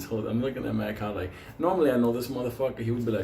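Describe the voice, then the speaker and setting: A man's voice: medium pitch, steady tone, racing, gravelly, few pauses, warm tone, slight background noise. A man telling a casual, profane anecdote, digressive and swearing constantly, often laughing as he talks. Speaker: storyteller. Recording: echoey room with faint ambience.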